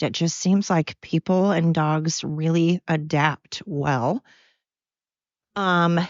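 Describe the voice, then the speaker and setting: An American woman talks through her podcast alone at home, blunt and candid, wandering from point to point. Her voice sits on the low side. The recording is dry and dull, with no room sound and a muffled top end. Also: no echo. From United States. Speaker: podcast host. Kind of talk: casual solo monologue.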